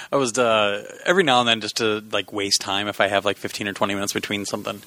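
A man's voice: lowish voice, fast talker, bright, forceful tone, no echo. A man co-hosting a casual podcast, telling stories and teasing his co-host. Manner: joking, teasing storyteller. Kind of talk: casual chat.

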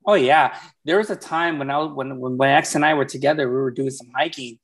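A man's voice: medium pitch, brisk. A man from California, a podcast guest, telling candid, rambling stories with profanity in casual chat.

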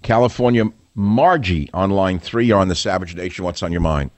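A man hosting a talk radio show, ranting sarcastically and combatively, his pitch leaping up when he mocks. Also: a little fast, dry recording.

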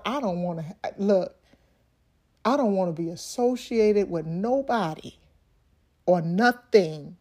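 A woman's voice: medium pitch, darkish tone. Middle-aged woman minister, earnest testimony, frequent laughs, repeated words for emphasis. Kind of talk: personal testimony talk.

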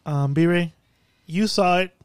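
A man co-hosting a podcast, recapping a movie in a profane, animated storytelling style. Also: high-pitched, slow, clean tone, dry recording, clean studio sound. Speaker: podcast co-host. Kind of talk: casual chat, movie recap.

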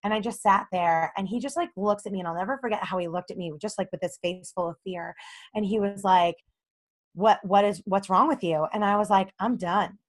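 A young adult woman talks as a podcast guest, telling her story with lively swings in her voice. She acts out quoted lines in a higher pitch and talks openly and personally. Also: fast talker. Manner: animated, acts out quoted dialogue with rising pitch. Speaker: podcast guest, relationship coach. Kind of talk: candid storytelling interview.

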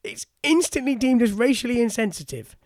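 A man co-hosting a casual podcast, chatty and quick to argue. His voice sits high and swoops up and down a lot as he talks. The sound is dry and close. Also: animated, no room sound. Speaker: podcast co-host. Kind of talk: casual chat.

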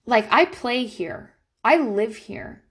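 A woman and mother hosting a show, talking casually and candidly, swearing freely and joking, her voice swinging from high and bright to low and quiet. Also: animated, slow, slightly rough. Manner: candid, profane, jokey. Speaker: podcast host, mother. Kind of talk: casual chat.

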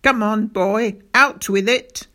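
A woman playing a stern, bullying male schoolteacher with a military past, who shouts and barks his orders. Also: medium pitch, lively intonation, takes it slowly. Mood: barking. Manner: shouting, barking.

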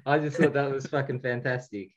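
A man co-hosting a podcast in casual chat, lively, swearing and laughing often. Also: medium pitch, brisk. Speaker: podcast co-host. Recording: slightly dull lo-fi sound.

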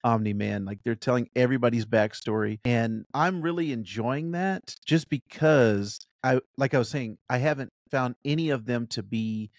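A man's voice: mid-range voice, normal speed, hardly any pauses, no room sound. Man, podcast co-host, casual eager chat, dry close sound. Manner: enthusiastic, thinks aloud with restarts. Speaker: podcast co-host reviewing a show.

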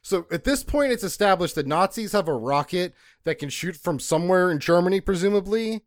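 A man's voice: high voice, animated, fairly quick, no room sound, clean studio sound. A man casually retelling a movie's story for a review podcast, laughing often and acting out lines. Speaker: podcast co-host.

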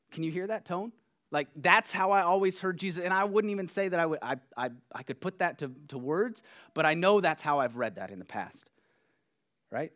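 A man preaching a sermon in an earnest, conversational way, dropping soft and then growing emphatic. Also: fairly high pitch, lively intonation, normal speed. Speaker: pastor.

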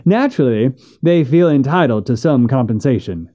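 A man's voice: mid-range voice, animated, moderate pace, mellow, muffled recording, natural voice. A man doing a stammering frontier townsman. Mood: hesitant. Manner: stammering, hesitant.

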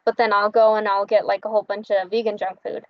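A woman's voice: mid-range voice, fast talker, no room sound. Dull-sounding dry woman chatting. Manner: relaxed, agreeable, lots of fillers. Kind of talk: casual chat.

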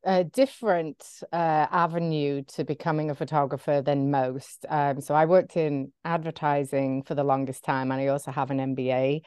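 A middle-aged woman with an English accent, chatting as an interview guest, modest and quick to laugh. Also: low-pitched, little pitch movement, a little mellow, clean tone, no echo, studio quality. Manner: laughs often, self-effacing. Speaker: podcast guest, photographer. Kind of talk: casual interview chat.

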